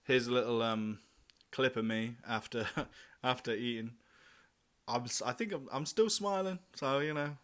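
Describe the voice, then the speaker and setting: A man's voice: medium pitch, moderate pace, a bit bright, clean tone. A young man vlogging about solo travel, telling a story in a casual, chatty way, swearing freely and acting out his own remarks.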